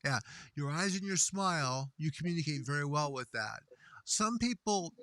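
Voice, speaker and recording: A middle-aged male host chats on a livestream, his fairly high voice bright and bouncing through a wide melodic range. He is folksy and effusive, full of homespun pleasantries, and the sound is close and dry. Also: expressive, normal speed, no echo. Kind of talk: casual livestream chat, reading viewer comments.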